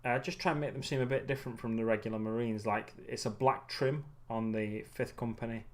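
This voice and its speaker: A man in a mid-pitched, ordinary voice chats casually as he works on models. He rambles and muses aloud, trailing off and correcting himself, and sounds a bit tired. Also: steady tone, fairly quick. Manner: rambling and musing, many ums and self-corrections. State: getting tired. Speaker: hobby livestream host. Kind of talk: casual chat while building miniatures.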